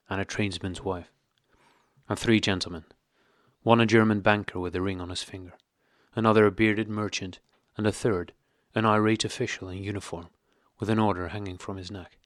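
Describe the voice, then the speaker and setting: Low-voiced man narrating a classic novel. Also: no echo, studio quality. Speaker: audiobook narrator.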